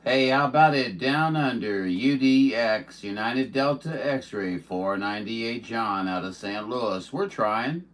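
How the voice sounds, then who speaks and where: A man's voice: medium pitch, expressive, takes it slowly, few pauses, fairly bright tone, slight background noise. A man from California who works as a CB radio operator, chatting casually on air in a folksy, rambling, teasing way.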